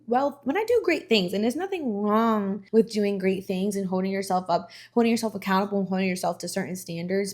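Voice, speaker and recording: A young woman talks straight to her viewers in a motivational vlog. Her voice sits in an ordinary middle range, and her delivery is animated and emphatic. Her phrasing stays loose and casual throughout. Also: mid-range voice. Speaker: vlogger. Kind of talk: motivational vlog talk to the camera.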